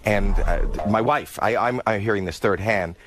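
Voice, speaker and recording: A man who is a guest on a talk show, telling embarrassing stories in an animated, chatty way. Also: fairly low pitch, normal speed, background noise. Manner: animated storyteller. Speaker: studio guest.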